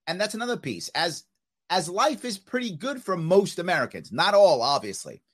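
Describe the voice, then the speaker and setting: A man's voice: sits high, moderate pace, slightly rough. A man hosting a podcast interview, talking casually and with strong opinions, often checking in with "right?". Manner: animated, opinionated, repeats "right?". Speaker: podcast host.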